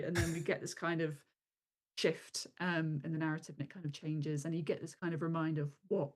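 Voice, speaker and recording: A woman reviewing films as a guest in a casual chat, measured and full of fillers and hedging phrases. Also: low-pitched, little pitch movement.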